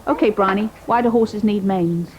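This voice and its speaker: A woman's voice: medium pitch, normal speed, crowd noise. A woman, a children's TV presenter, encouragingly quizzing kids on what they have learned. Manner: bright, encouraging questioner. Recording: dull, noisy early-1990s TV audio.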